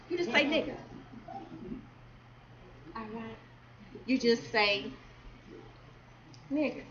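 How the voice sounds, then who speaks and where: A woman with a fairly high voice performs rhythmic spoken word poetry in a community celebration hall, trading calls with the audience. The recording has its highs cut off and carries background noise.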